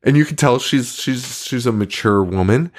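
A man's voice: mid-range voice, moderate pace. A young man co-hosting a casual horror movie podcast, swearing a lot, laughing often and acting out movie lines. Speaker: podcast co-host.

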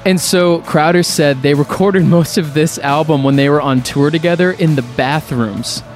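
A man talking in a casual podcast chat, his voice sitting a little high for a man. He is an eager fan who laughs often. Faint music plays behind him. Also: moderate pace. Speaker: guest.

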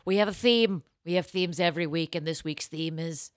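A woman's voice: lowish voice, a little fast, clean tone, dry recording, studio quality. A woman co-hosting a comedy podcast, joking and doing playful announcer-style plugs. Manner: animated, playful, showy announcer bursts. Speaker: podcast co-host. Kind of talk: comedy podcast chat and ad reads.

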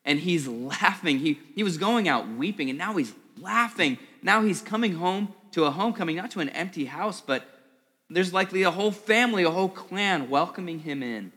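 A man's voice: high voice, animated, moderate pace, pushed and bright. Man, pastor, sermon, conversational storytelling, repeats words, echoing hall. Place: church service in a school hall. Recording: long hall reverb.

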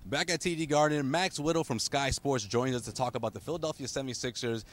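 A man's voice: mid-range voice, fast, a little hiss or hum. A man hosting a sports talk show, chatting with guests in a friendly, teasing way. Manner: friendly, teasing, laughs easily. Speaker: show host. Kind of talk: casual sports panel chat.

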